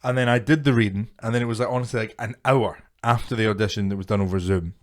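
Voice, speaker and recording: Bloke hosting a podcast, swears a lot, jokes around, rambly casual chat. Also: male voice, lowish voice, steady tone, fast talker. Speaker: podcast host.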